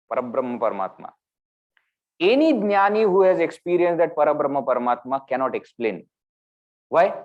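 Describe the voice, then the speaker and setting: A man with an Indian English accent giving a storytelling scripture discourse as a spiritual teacher, acting out the characters' words with sudden jumps in pitch. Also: darkish tone. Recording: dull lo-fi recording.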